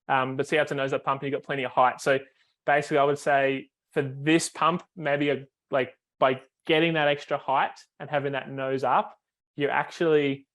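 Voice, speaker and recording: Flat-voiced man coaching with fillers. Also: medium pitch. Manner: explains step by step with many fillers and restarts. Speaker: foiling coach. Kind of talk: coaching call video review.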